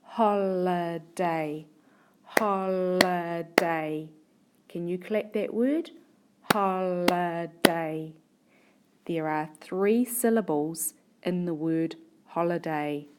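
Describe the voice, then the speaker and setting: A woman teaching a spelling lesson, slowly stretching words into syllables and sounding out each letter. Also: lowish voice, heavy background noise. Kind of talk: slow, deliberate classroom spelling lesson.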